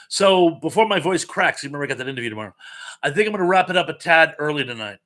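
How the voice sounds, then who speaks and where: A man with a fairly high, sharp voice talks very fast with lively intonation as he hosts a casual live stream. He chats along, reading viewer messages aloud with frequent ums, his voice a little scratchy from pollen.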